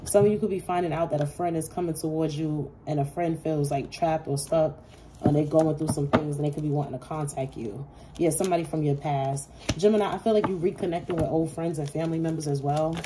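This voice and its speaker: A woman's voice: low voice, steady tone, fairly quick, noisy background. A woman giving a casual tarot reading to her viewers, talking bluntly and swearing freely. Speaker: tarot reader.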